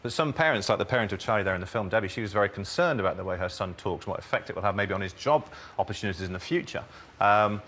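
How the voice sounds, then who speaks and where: Fast-talking low-voiced Englishman explaining. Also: fairly bright tone. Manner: chatty, explanatory, quick with asides and jokes. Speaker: studio guest on accents. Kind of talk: casual studio chat.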